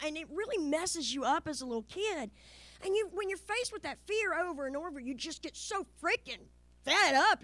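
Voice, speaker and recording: A middle-aged woman from the American South with a Southern accent, performing a lively stand-up comedy set on stage and putting on voices for the people she quotes. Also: sits high, no echo.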